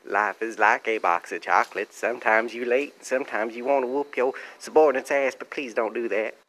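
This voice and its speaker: A man doing a Forrest Gump impression in a voice message, speaking in a slow, simple, earnest drawl. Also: mid-range voice, fairly bright tone, lightly acted. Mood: apologetic.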